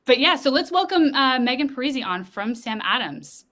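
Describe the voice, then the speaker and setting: A woman's voice: sits high, big pitch swings, normal speed, fairly bright tone. A woman from the Boston area hosting an online festival stream, chatty and upbeat over a video call. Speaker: festival host. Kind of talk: casual live-stream chat.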